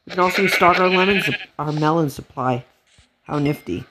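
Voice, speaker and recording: A man giving casual, rambling commentary while playing a game, gasping and getting excited at cute animals. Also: on the high side, moderate pace, noisy background. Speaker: let's play gamer.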